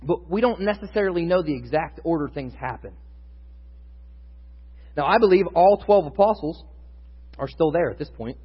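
A man's voice: on the high side, lively intonation, normal speed, long pauses, breathy edge. A man preaching a sermon in a conversational teaching style, building in intensity at times. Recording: muffled sound with long reverb in a hall.

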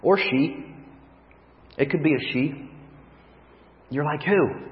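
A man preaching a sermon, telling a vivid story that swings from hushed to loud. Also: fairly high pitch, slow pace. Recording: long reverb, dull lo-fi sound.

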